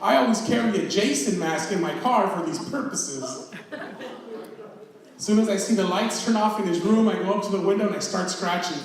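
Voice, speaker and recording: Telling stories and acting out quotes, a thirty-something comic pokes fun at himself in a fairly quick, high-sitting voice. The live show takes place in an echoey hall, recorded from a distance in a roomy space, with audience laughter throughout.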